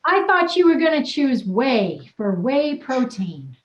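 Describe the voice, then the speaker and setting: A woman's voice: high-pitched, big pitch swings, unhurried, muffled recording. Upbeat woman coaching a group, echoey. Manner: upbeat, playful, encouraging. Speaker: wellness coach and host.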